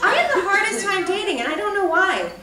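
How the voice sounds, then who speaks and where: A young woman from Ireland works a comedy club crowd with a high, lively, unhurried voice. She is heard from a distance in a roomy venue, with loud laughter and chatter all around. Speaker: stand-up comedian. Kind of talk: stand-up comedy. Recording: echoey club from far off. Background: laughing audience.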